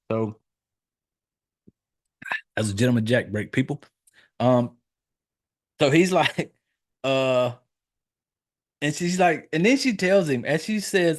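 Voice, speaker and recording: A man's voice: fairly high pitch, animated, slow, pauses often. Rambling, foul-mouthed man recapping a film. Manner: rambling, swears freely, heavy fillers. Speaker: podcast host reviewing a horror film. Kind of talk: casual profane movie recap.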